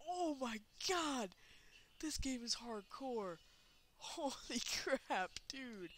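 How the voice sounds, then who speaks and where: A woman giving let's play commentary, excitable, laughing and shrieking, cursing at the game. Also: high-pitched, extremely slow, a little hiss or hum. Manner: swears and exclaims at the game. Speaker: gameplay commentator.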